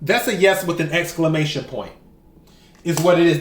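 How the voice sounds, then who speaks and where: A man giving a spiritual oracle card reading to camera, talking in a slow, emphatic way and repeating his key phrases. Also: a little high, reverberant. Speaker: tarot and oracle card reader.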